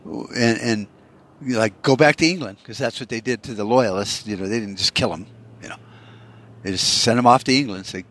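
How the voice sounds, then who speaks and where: A man's voice: medium pitch, normal speed, fairly bright tone. Profane ranting podcast host, a man. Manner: ranting, profane, emphatic with repeated words. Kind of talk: angry political monologue.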